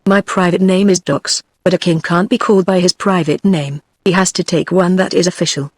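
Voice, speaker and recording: A woman's voice: on the low side, fairly quick, dry recording, clean studio sound, close to an everyday voice. A synthetic British woman reading as a vain fox king. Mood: pompous. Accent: British English. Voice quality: even synthetic read-out.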